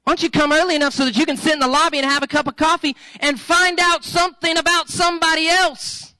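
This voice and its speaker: A male pastor preaches with a very high, bright, ringing voice, joking and coaxing his congregation along. The sound is close and dry, with almost no room around it. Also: fairly quick, few pauses, no echo, rough recording. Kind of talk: sermon.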